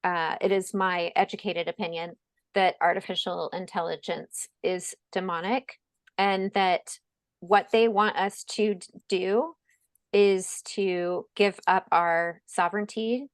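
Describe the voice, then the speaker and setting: A woman's voice: on the low side, steady tone, a little slow, no echo. A woman speaking at a webinar in a casual, earnest way, with frequent fillers and restarts. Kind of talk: presentation at a webinar.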